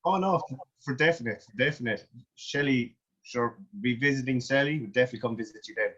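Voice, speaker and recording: A man being interviewed, answering in short, relaxed bits and laughing easily. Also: medium pitch, fast, breathy edge, muffled recording. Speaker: interview guest.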